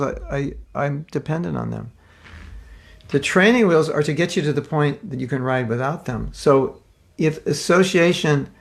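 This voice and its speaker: American male teacher, gravelly voice, informal spiritual talk, rambling with asides and restarts. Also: on the high side. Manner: conversational, repeats and restarts, asides.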